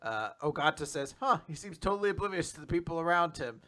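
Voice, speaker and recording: A man co-hosting a casual recap podcast, retelling scenes with a bright, forceful voice. His pitch rises and falls a lot as he acts out each character's line, and he swears freely. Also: lively intonation, fast talker. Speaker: podcast co-host.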